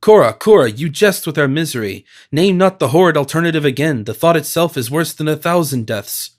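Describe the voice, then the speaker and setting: Brief: man voicing an indignant young officer, agitated and forceful. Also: medium pitch, big pitch swings, moderate pace.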